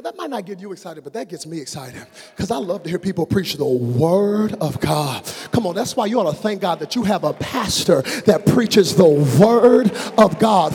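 A male preacher giving an animated sermon, moving between hushed storytelling and shouted, drawn-out phrases. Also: on the high side. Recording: long reverb of a large hall.

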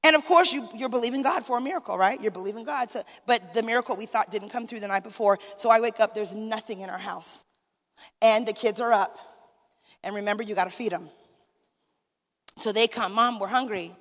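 A woman's voice: mid-range voice, brisk. A woman giving an emotional sermon testimony as a minister's wife, talking straight to the listeners. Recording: long hall reverb.

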